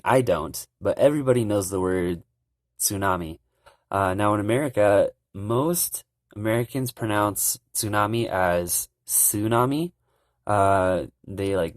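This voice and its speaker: A young man giving a relaxed, casual language lesson, calmly explaining pronunciation. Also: deep voice, no echo, clean studio sound. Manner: relaxed, repeats sounds slowly and loudly to demonstrate. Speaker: language teacher.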